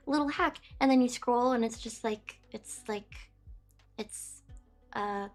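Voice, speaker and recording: A young woman with a high, light voice talks loosely and at length to her live-stream viewers. She rambles from thought to thought and says "beep" aloud in place of words. Soft music plays faintly underneath. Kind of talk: casual live-stream chat.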